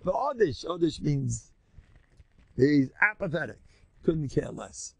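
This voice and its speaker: Gravelly, animated older rabbi lecturing. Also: male voice, takes it slowly. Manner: animated, jumps high in pitch when mimicking.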